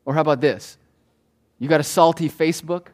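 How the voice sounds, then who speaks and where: A man preaching a sermon to his church in an emphatic, rhythmic way, repeating key phrases and slowing down to stress words. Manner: swings between soft low asides and loud raised declarations. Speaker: pastor.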